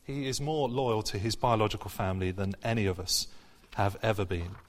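A man's voice: lowish voice, steady tone, a little fast. A man preaching a sermon in an earnest, conversational way, with frequent fillers and restarts. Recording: long hall reverb.

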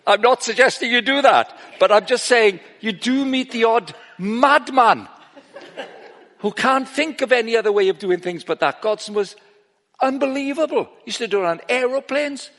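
A middle-aged man preaching an informal sermon, breaking off and restarting his sentences and growing animated as he tells stories. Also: very high voice, moderate pace. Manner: informal, self-interrupting, grows animated while telling stories. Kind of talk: sermon with anecdotes. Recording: long reverb of a large hall.

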